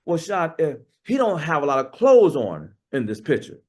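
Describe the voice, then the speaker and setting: A man voicing a calm, amused female coworker in a low, quiet, unhurried voice. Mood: matter-of-fact.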